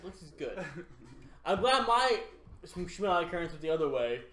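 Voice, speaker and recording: Excitable young man in an echoey room. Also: high-pitched, moderate pace. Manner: excitable, profane storytelling. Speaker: podcast co-host. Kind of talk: casual chat. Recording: echoey room with faint noise.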